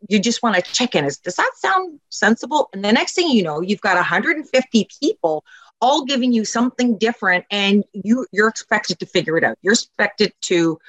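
A woman's voice: mid-range voice, animated, fairly quick, a bit bright, no echo. A middle-aged woman talking casually and emphatically as a parenting coach, acting out the lines she quotes. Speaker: podcast guest, parenting coach. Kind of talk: casual conversation.

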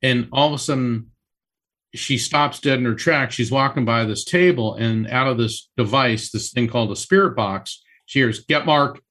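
Man, mid pitch, psychic medium guest, radio interview, animated storytelling, restarts. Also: moderate pace.

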